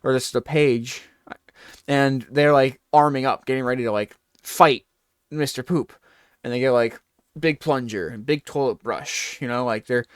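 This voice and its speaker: A man's voice: medium pitch, moderate pace, clean tone, no room sound, studio quality. A man hosting a talk show, telling a rambling comedic bit and acting out scenes. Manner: animated, rambling, acts out scenes.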